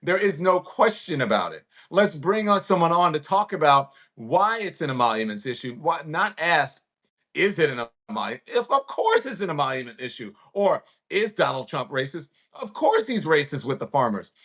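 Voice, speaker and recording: A man's voice: a little high, sing-song, moderate pace, few pauses, a bit bright. A man in his fifties from Louisiana, hosting a casual political chat and reading viewer comments with emphasis. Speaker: host.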